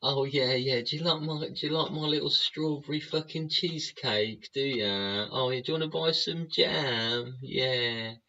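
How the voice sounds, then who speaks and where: A man putting on a pushy, chirpy woman who hawks homemade cake and jam, in a high, sing-song mocking voice. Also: measured pace, hardly any pauses, pushed and bright, a little hiss or hum. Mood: mock cheerful. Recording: dull lo-fi sound.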